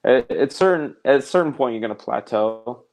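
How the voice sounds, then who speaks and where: A man's voice: medium pitch, expressive, normal speed, darkish tone. A man hosting a live art stream, chatting casually in a rambling, jokey way and reading out viewer comments. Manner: rambling, self-interrupting, jokey.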